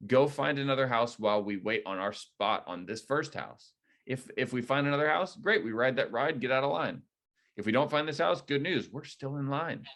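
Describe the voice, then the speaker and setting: A man leading a real estate agent training, coaching in a direct, energetic way. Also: mid-range voice, moderate pace. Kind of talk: training debrief talk.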